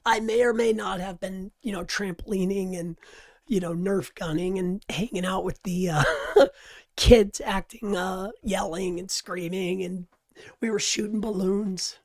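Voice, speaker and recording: A hoarse man with a worn-out voice hosting a casual live stream, talking close to the mic in an animated, chatty way. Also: sits high, a little slow, no echo. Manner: animated, chatty, laughs easily. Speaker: host of a live coaching stream. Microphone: close-up microphone.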